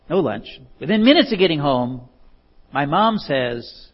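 A man's voice: on the high side, sing-song, takes it slowly, long pauses, breathy edge. A man giving a talk in a folksy, storytelling way, with chuckles and self-deprecating, rambling asides. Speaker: speaker giving a talk on love. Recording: dull lo-fi recording.

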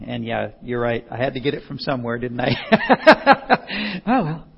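A man's voice: medium pitch, big pitch swings, a little slow, vocal fry, husky. A man giving a talk in a folksy, storytelling way, with chuckles and self-deprecating, rambling asides. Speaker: speaker giving a talk on love. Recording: dull lo-fi recording.

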